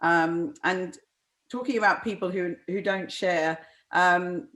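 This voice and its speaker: A woman's voice: on the low side, slow, a bit bright. A middle-aged woman author speaking at a book launch, hesitant, with frequent restarts and ums. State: close to tears. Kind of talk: conversational discussion.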